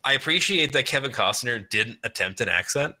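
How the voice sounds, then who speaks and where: Bright, animated male co-host in casual podcast chat, laughing and cursing. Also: mid-range voice, a little fast. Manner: animated, laughing, swears freely.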